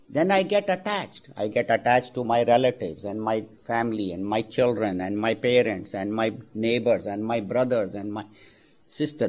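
A man giving a spiritual talk, telling a parable in a conversational, animated way. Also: mid-range voice. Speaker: spiritual teacher. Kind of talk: storytelling sermon.

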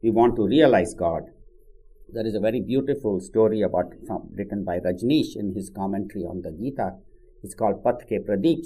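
A man gives a conversational spiritual talk, a sermon told as a story and sprinkled with "you know" asides. His voice is fairly low, mellow and husky, and the recording is rough.

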